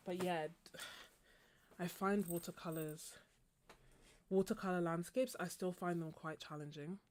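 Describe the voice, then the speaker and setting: A woman hosting a casual live painting stream, chatting with viewers and laughing often, her throat slightly husky. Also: lowish voice. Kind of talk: casual chat while painting.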